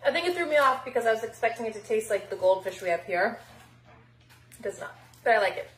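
Giggly high-voiced woman tasting snacks. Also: expressive, quick pace, a bit bright, roomy sound. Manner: chatty, giggly, talks with her mouth full. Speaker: snack taster. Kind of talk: casual snack review vlog.

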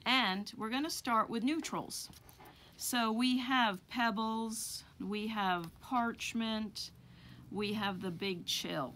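A woman's voice: medium pitch, a bit bright. Chatty woman teaching a craft demonstration. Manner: chatty, thinking aloud while handling wool. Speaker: rug hooking instructor.

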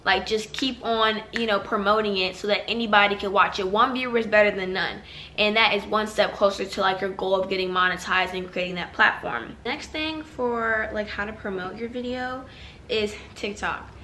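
A young adult woman with a mid-range voice and a sharp tone offers casual vlog tips to new YouTubers at a normal pace. She's chatty and loose, leaning heavily on "like" and "y'all." There's slight background noise.

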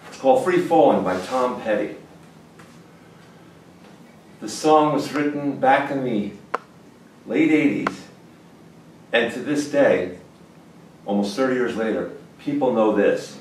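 Guitar teacher, male, folksy and lively, very roomy sound, mic set well back. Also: mid-range voice, slow, long pauses, distant mic, a little hiss or hum. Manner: folksy, lively, bursts into exclamations. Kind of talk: informal guitar lesson.

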